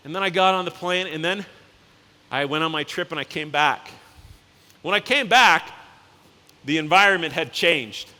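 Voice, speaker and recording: He's a CEO speaking at a conference, his voice on the high side with a sharp tone. The keynote is casual and anecdotal, full of quick character impressions, and the big hall gives the audio a noticeable echo.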